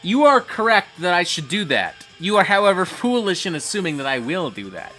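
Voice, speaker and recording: A man hosting a live stream and reading chat aloud, tipsy and getting drunker, profane, swinging from low mumbles to hyped shouts. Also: sing-song, brisk, faint music behind. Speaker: livestream host reading chat.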